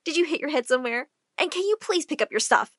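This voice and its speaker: A woman's voice: sits high, animated, quick pace, no echo, studio quality. A woman doing a dismissive, scolding mother. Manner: gushing to one child, curt and scolding to the other. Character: doting, dismissive adoptive mother.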